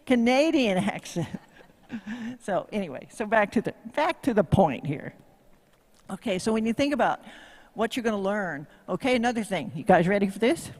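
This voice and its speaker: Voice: medium pitch, very animated, moderate pace, a little mellow, in a large hall. A horsemanship instructor with a Tennessee accent, giving a folksy, joking live demo talk and quizzing the crowd. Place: live event venue.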